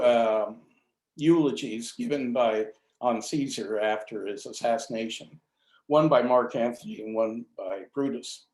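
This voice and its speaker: Older male club speaker, mid-pitched, hesitant lecture delivery, roomy sound. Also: darkish tone. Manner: hesitant, many fillers and restarts. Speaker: invited speaker. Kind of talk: history talk.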